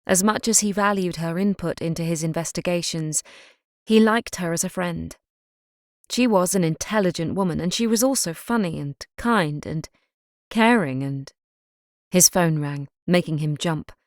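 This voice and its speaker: A woman narrating a crime novel audiobook in an even, measured way. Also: on the low side, dry recording, clean studio sound. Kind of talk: scripted narration.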